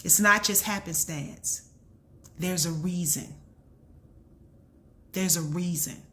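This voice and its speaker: A woman's voice: fairly low pitch, slow, pushed and bright. A mother talking earnestly to her viewers about faith and self-reflection, preaching in a casual way and repeating key lines for emphasis. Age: adult with a son. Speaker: channel host. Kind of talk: motivational faith talk.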